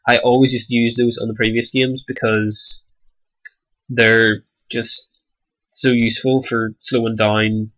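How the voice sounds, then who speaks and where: Stuffy-nosed teen gamer. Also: male voice, medium pitch, flat delivery, measured pace, fairly bright tone, rough recording. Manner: rambling and hesitant, many ums. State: stuffy-nosed, slightly raspy from a cold. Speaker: gaming channel host. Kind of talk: casual gameplay commentary.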